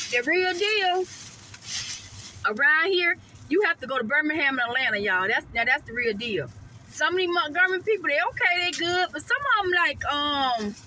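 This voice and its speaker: High bright-voiced woman chatting. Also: slight background noise, poor audio. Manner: chatty, addresses viewers as y'all and honey. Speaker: vlogger. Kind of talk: casual mukbang vlog chat. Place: parked car.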